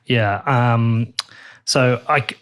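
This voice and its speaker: A man's voice: mid-range voice, very slow, a bit bright. A man hosting an in-person interview at a table, blunt and jokey, swearing casually. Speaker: podcast host. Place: in-person recording at a table in a room.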